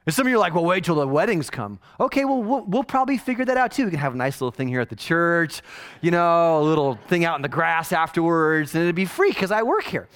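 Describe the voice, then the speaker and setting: A man's voice: fairly high pitch, big pitch swings, fast talker, fairly bright tone. A man in his forties preaching a casual, joking sermon as a pastor in a church, with mock-quoted asides. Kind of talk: conversational sermon.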